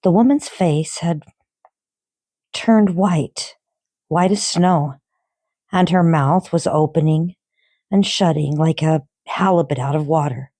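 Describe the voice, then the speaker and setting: A woman reads a children's novel aloud with an expressive storybook delivery. Her voice is low and mellow, and she takes her time. The recording is dry and close. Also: no echo. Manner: expressive storybook reading, unhurried.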